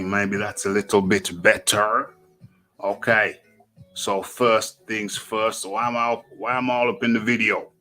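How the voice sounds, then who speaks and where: A man with a northern English accent hosts a livestream, talking slowly and repeating himself while he sorts out his settings. His low voice has a bright, forceful edge. Faint music plays behind him. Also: low-quality recording. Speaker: host of a boxing talk livestream. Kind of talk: casual livestream setup chatter.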